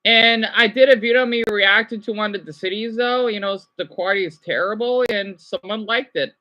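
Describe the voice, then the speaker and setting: Bright-voiced man chatting on a livestream. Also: sits high, fairly quick, muffled recording. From United States. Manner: reads chat comments aloud and answers them, rambling with restarts. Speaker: livestreamer reading chat. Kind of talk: casual livestream chat.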